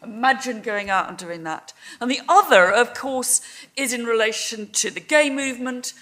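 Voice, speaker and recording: A woman's voice: a little high, moderate pace, sharp tone. A middle-aged woman making a persuasive debate speech in a wry, conversational way. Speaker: debate speaker.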